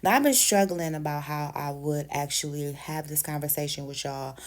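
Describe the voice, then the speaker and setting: A woman past thirty-five talks straight into her phone, emphatic and conversational. Her voice sits on the low side. She calls her listeners baby and sis. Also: normal speed. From United States. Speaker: vlogger. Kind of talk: direct-to-camera rant.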